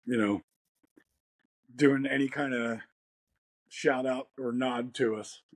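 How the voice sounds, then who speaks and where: Rambly american guy in an interview, husky voice, laughs a lot, dead dry sound. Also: medium pitch, steady tone, slow, no room sound. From United States. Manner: laid-back, rambling, laughs often. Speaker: guest musician. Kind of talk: casual interview chat.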